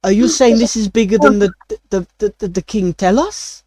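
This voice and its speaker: A man's voice: high voice, a little slow, dark tone, dry recording. A man voicing a tall, lanky male chef who speaks with a put-on French accent and fumbles for words. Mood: terrified.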